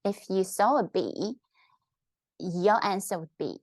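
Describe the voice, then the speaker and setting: Woman language teacher, unhurried and upbeat, dry close sound. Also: mid-range voice, huge pitch swings, no room sound. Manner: upbeat, coaxing, asks the viewer questions. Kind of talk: online language lesson.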